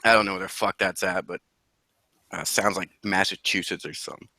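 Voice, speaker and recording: A man chatting on a podcast while under the weather. He talks in a low, forceful voice, swears often and breaks into laughter. The sound is dry and close. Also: fairly even intonation, a little fast, dry recording. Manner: profane, laughs often, mock-incredulous. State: sick. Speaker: podcast co-host. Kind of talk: casual chat.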